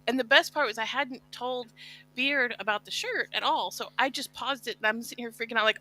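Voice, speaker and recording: A woman's voice: a little high, expressive, fairly quick, sharp tone, rough recording. A woman co-hosting a podcast, telling funny stories with lots of laughter and acted-out quotes. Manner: giggly storyteller, acts out quotes. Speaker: podcast co-host. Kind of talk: casual chat.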